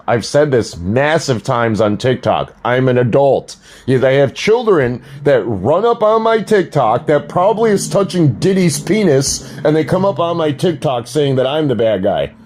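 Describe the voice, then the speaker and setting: A man's voice: medium pitch, darkish tone. An older man ranting crudely and mockingly to his livestream viewers, laughing at his own jokes. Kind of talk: casual livestream rant.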